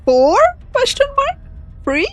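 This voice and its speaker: A young woman streamer giving giggly, animated gameplay commentary and reading the game's choices aloud. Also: very high voice, takes it slowly, soft background music.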